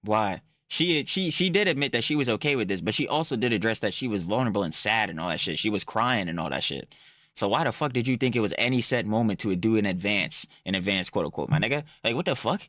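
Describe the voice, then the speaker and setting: A man's voice: on the low side, expressive, quick pace, a bit bright, no room sound, clean studio sound. A young man giving heated, profane, exasperated reaction commentary full of slang.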